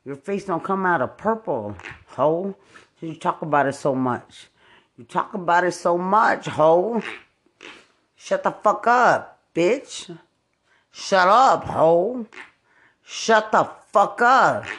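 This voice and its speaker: A person in a heated confrontation, crying and shouting repetitive profane insults, then dropping to a low mutter. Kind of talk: furious shouting rant.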